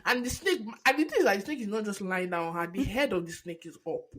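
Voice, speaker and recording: A woman's voice: medium pitch, animated, fast. A woman in her twenties, co-hosting a podcast, telling a story in casual chat and laughing often. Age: 20s. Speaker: podcast co-host.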